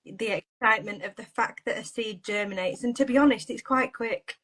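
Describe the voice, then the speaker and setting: A woman's voice: fairly high pitch, fairly quick, fairly bright tone, rough recording. A woman being interviewed as a podcast guest, talking in a bubbly way and laughing often. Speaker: podcast guest, garden designer. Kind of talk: casual chat.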